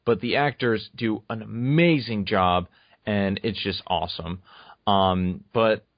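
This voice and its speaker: Man, low pitch, enthusiastic co-host for casual chat, dull dry recording. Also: slow, no echo. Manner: enthusiastic, emphatic.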